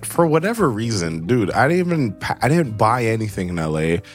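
A man co-hosting a podcast, telling stories in a loose, slangy, animated way. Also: fairly low pitch, brisk, faint music behind. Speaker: podcast co-host. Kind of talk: casual chat.

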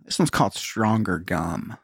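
Man mockingly reading sales pitches, dry sound. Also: animated, unhurried, breathy edge, dry recording. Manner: reads product pitches aloud in a mocking tone; swears freely and laughs a lot. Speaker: podcast co-host. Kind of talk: casual comedic banter.

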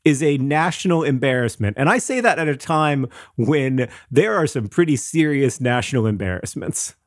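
A man co-hosting a comedy podcast, teasing in a wry, deadpan way during casual chat. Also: medium pitch, moderate pace, dry recording, studio quality. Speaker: podcast co-host.

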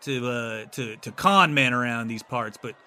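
A man voicing a folksy male small-town guard who speaks in a slow, homespun way and fumbles his words. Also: mid-range voice, bright, forceful tone, pitched below the performer's own voice. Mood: fumbling.

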